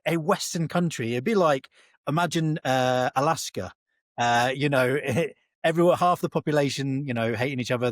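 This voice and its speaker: With a medium-pitched voice and no echo, an English veteran chats casually as an interview guest. He meanders, restarts sentences often, and fixes his own wording as he goes.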